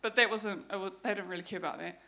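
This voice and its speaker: A woman's voice: medium pitch, fast talker, pushed and bright. A young woman with a New Zealand accent giving a candid personal testimony talk, frank and swearing freely as she retells her story. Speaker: guest speaker sharing her story.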